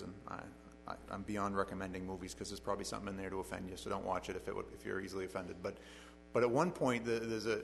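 Gravelly-voiced male preacher. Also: on the low side, in a large hall, slight background noise, rough recording. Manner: wry, sarcastic asides to the audience. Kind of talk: conversational Bible teaching.

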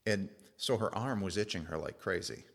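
A middle-aged male pastor delivers a sermon in an earnest, conversational way, slipping into personal stories. His voice sits very low. It has a gravelly edge. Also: animated, moderate pace.

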